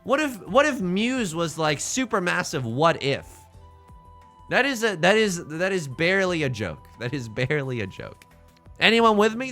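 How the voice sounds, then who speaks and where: Lively, bright-voiced male game streamer. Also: a little high. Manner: animated, jokey, self-narrating. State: hiccuping. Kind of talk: live game stream commentary.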